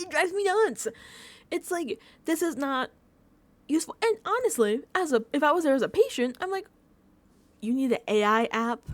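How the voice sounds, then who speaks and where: A woman's voice: on the high side, dry recording. A young woman hosting a casual review show, ranting animatedly with frequent laughs and swearing. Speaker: podcast host reviewing a TV episode. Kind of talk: casual rant.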